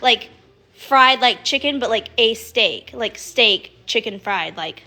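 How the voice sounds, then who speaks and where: Young woman, bright voice, fairly high pitch, rambling casual chat, swears and laughs, phone livestream from home. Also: expressive, takes it slowly, slight background noise. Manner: chatty, rambling, swears freely, laughs often. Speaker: livestream host.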